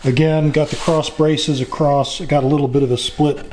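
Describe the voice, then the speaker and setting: A middle-aged man narrating his woodworking project in a casual, plain-spoken way, pausing often with fillers. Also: on the high side, little pitch movement, darkish tone. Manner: slow, plain-spoken, with frequent pauses and fillers. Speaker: woodworking channel host.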